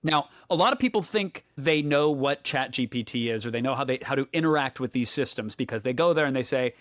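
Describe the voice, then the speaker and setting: A man co-hosting a podcast in casual chat, walking listeners through an experiment with playful, deliberate explanations. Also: mid-range voice, lively intonation, fairly bright tone, dry recording, clean studio sound. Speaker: podcast co-host.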